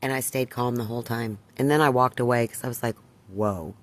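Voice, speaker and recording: A woman's voice: extremely low pitch, level tone, fast talker. Indignant older woman telling her story. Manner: indignant, emphatic retelling. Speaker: vlogger. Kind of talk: personal storytelling to camera.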